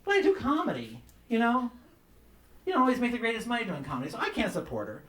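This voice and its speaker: A man doing a stand-up comedy set, telling campy stories about his mother and mimicking her in a shrill voice, with audience laughter behind him. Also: wildly swooping pitch, fast talker, a bit bright. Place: comedy club stage. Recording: roomy club sound from some distance.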